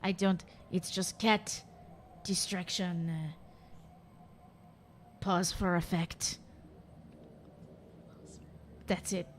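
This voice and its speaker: A woman's voice: fairly low pitch, fairly even intonation, extremely slow, pauses often, a little hiss or hum. A woman playing a tabletop role-playing game, chatty and giggly, describing her cat character's actions. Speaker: player. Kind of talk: casual tabletop play.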